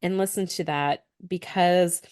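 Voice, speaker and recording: A woman's voice: fairly low pitch, steady tone, measured pace, a little mellow, clear, resonant tone. A woman co-hosting a podcast in casual conversation, talking earnestly in long flowing stretches. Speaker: podcast co-host.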